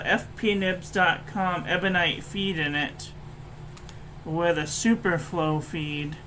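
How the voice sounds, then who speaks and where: Slow-talking blunt woman reviewer. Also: fairly low pitch, fairly bright tone, a little hiss or hum, rough recording. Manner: blunt, frank, casually profane. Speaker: stationery reviewer. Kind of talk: casual review chat.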